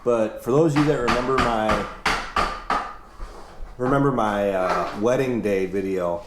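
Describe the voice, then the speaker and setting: A man's voice: lowish voice, measured pace. A young man hosting his farm vlog, chatting in an easygoing, folksy way indoors at a family house. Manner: easygoing, folksy, rambling with restarts. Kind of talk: casual chat. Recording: roomy indoor sound with faint noise.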